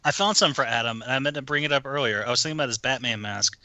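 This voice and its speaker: Bright-voiced joking podcast co-host. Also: male voice, mid-range voice, expressive, very fast, no room sound. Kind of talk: casual chat.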